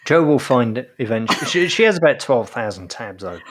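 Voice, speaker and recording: A man's voice: mid-range voice, big pitch swings, a little fast. A man co-hosting a live chat show, dropping sardonic, mock-outraged asides. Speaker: co-host.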